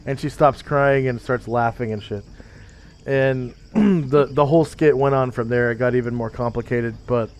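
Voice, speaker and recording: A man's voice: mid-range voice, normal speed. A man running a tabletop game, telling a long story in a loose, filler-heavy way and explaining rules. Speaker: game master. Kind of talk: casual tabletop game chat.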